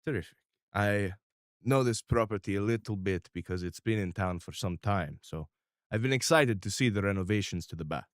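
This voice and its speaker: A man voicing a tubby, calm small-town boss who dislikes change, speaking in a slow, formal, measured way. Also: fairly low pitch, no room sound, clean studio sound, natural voice.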